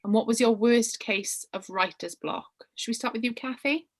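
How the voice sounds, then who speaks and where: A woman moderating an online author panel, briskly reading out audience questions and handing them to the guests. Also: on the high side. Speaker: interviewer and moderator.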